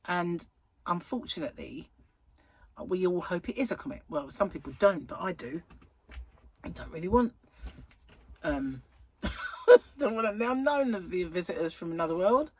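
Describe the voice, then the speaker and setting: Husky-voiced woman in her thirties, rambling. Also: fairly low pitch, expressive, moderate pace, pauses often. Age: 30s. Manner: rambling and chatty, with frequent fillers. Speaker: crochet vlogger. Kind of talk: casual chat.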